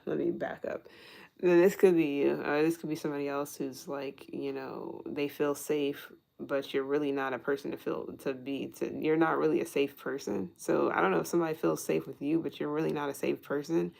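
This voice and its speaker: A woman's voice: deep voice, fairly even intonation, fairly quick, vocal fry, darkish tone. A woman giving a casual tarot reading who thinks aloud, restarts her sentences, swears freely and laughs often. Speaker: tarot reader.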